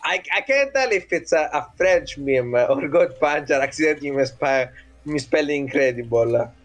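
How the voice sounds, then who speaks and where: Brief: male game caster, high voice, snarky and giggly. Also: lively intonation, moderate pace. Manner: mocking, teasing, prone to laughter. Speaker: esports caster. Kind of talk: casual game commentary.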